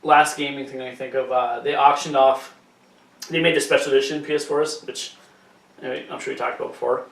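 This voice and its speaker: A man's voice: mid-range voice, fairly even intonation, brisk, a bit bright. A man co-hosting a podcast in a casual, rambling, jokey way, swearing freely. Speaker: podcast co-host. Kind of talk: casual chat. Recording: echoey room, distant mic.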